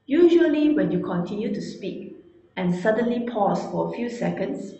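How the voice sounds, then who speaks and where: A woman giving an instructional talk, deliberate and emphatic, slowing down to stress key words. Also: mid-range voice, expressive, dark tone, lo-fi sound. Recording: very echoey room.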